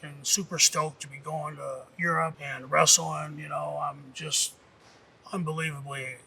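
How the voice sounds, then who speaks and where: Middle-aged ex-wrestler from Nebraska, slightly high and tense, casual and foul-mouthed, lots of fillers. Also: male voice, little pitch movement, moderate pace, creaky, sharp tone, a little hiss or hum. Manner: rambling, casual, profane, with many fillers. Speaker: former professional wrestler, interviewee. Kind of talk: documentary interview storytelling. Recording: distant mic with faint music.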